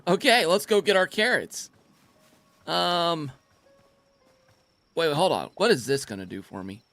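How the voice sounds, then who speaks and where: An excitable man talks through his gameplay with a bright, lively voice that swings up and down. He comes across playful and laughs easily, with faint game music under him. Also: fairly high pitch, measured pace, no echo. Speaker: gaming channel host. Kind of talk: casual gameplay commentary.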